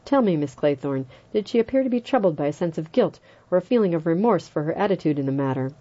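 A woman voicing an elderly male judge who speaks in a measured, formal, unhurried way. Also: sits low, animated, mellow, muffled recording. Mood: calm.

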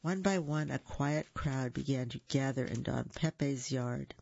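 A storyteller reading a picture book aloud, expressive and gentle, with small asides to listeners. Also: medium pitch, measured pace, creaky. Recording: dull lo-fi recording.

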